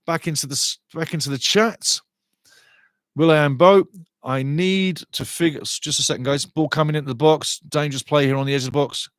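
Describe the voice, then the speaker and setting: A middle-aged man hosting a live match watchalong, commentating on play and chatting with viewers in a lively, excitable way. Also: brisk, no room sound, clean studio sound. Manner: excitable, chatty, rises in pitch and volume on attacking play. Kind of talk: live fan commentary with chat reading.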